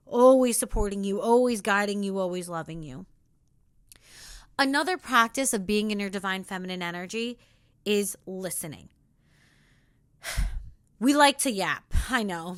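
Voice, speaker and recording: A young woman hosting a spiritual self-help podcast, talking in an earnest, intimate way that moves between soft reflection and sassy encouragement. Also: mid-range voice, no room sound, studio quality. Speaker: podcast host.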